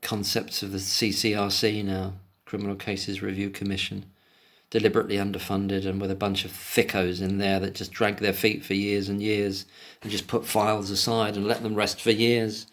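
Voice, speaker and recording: A man with a fairly low voice reads passages aloud in a solo commentary. Between the passages he breaks into emotional, indignant tirades full of swearing. He keeps returning to the text and then flaring up again. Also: little pitch movement, normal speed, fairly bright tone. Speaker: commentator reading and discussing an article. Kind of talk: solo commentary, reading aloud with angry asides.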